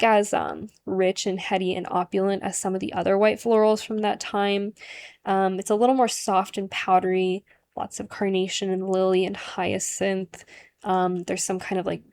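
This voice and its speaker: A woman records a relaxed vlog monologue about fragrances. She chats loosely and fills her sentences with "like" and "um." Her voice sits at an ordinary middle pitch. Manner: chatty, many "like" and "um" fillers. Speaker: perfume vlogger.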